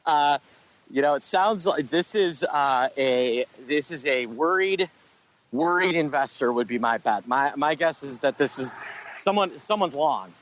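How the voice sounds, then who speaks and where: A man's voice: on the high side, lively intonation, measured pace. A man co-hosting a podcast, giving casual market commentary in a wry, punning, somewhat hesitant way. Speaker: podcast co-host.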